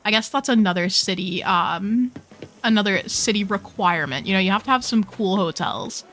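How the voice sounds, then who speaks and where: With a fairly bright, mid-range voice at normal speed, a young woman gives casual gameplay commentary while touring game islands, with a little hiss or hum on the recording. She's gushing, playful, and heavy on slang.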